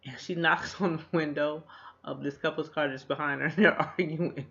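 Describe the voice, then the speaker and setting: A man's voice: on the high side, steady tone, normal speed, gravelly, bright, forceful tone. A man casually recapping a TV episode, animatedly retelling scenes and acting out the characters' lines. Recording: dull lo-fi recording.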